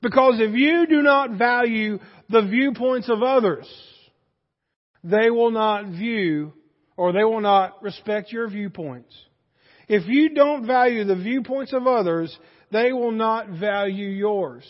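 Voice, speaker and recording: High-voiced man preaching in a hall. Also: slow. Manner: folksy storytelling preacher, rising to loud emphasis. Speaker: pastor. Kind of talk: sermon. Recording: dull sound with long hall reverb.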